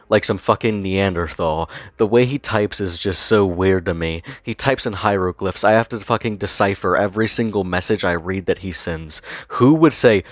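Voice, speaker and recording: A man's voice: lowish voice, normal speed, hardly any pauses, no room sound, studio quality. A young man narrating online commentary, incredulous and sarcastic, swearing freely as he reacts.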